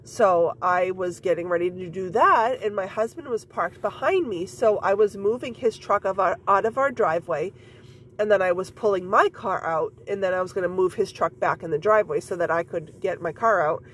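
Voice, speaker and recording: Woman host, congested and a bit scratchy, loose rambling chat full of "like" and "um", mid-pitched. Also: moderate pace. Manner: rambling, many fillers and repeats. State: stuffy nose, scratchy throat. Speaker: podcast host and mom coach. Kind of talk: casual personal chat.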